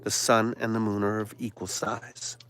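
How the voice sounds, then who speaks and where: A man's voice: lowish voice, flat delivery, moderate pace, a bit bright, a little hiss or hum. Sarcastic man on a preachy rant. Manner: sarcastic, mocking asides; preachy, sermon-like exhortation. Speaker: live stream host. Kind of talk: ranting live-stream monologue.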